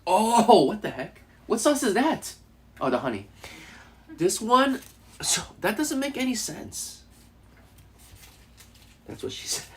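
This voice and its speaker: Animated, joking male streamer. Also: high-pitched, a little slow, long pauses. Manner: animated, joking, laughing often. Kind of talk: casual live stream chat while eating.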